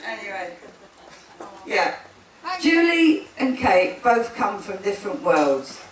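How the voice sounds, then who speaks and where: A woman's voice: mid-range voice, sing-song, slow. Laughing woman giving a wedding speech. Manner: chatty, laughing, self-interrupting. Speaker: wedding speaker, twin sister of a bride. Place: wedding gathering indoors. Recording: echoey room, speaker far from the mic.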